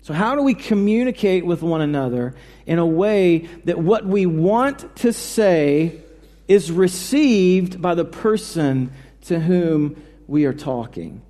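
A male pastor preaching in a relaxed, conversational way, with frequent fillers and restarts. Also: high-pitched, slow pace. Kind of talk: sermon. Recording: reverberant hall.

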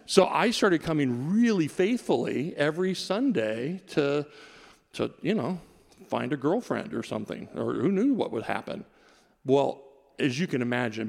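A middle-aged man preaching a sermon to a congregation, telling stories about himself in a relaxed, self-deprecating way. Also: medium pitch, gravelly. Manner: storytelling, self-deprecating and conversational. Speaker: pastor. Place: large church hall. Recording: reverberant church hall.

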